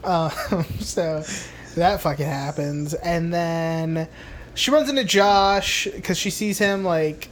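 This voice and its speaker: A man's voice: on the high side, takes it slowly, a little hiss or hum. A man co-hosting a podcast, casually recapping a movie with lots of swearing and laughs, acting out the characters' lines. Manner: profane, laughing, acts out film dialogue in put-on voices. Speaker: podcast co-host.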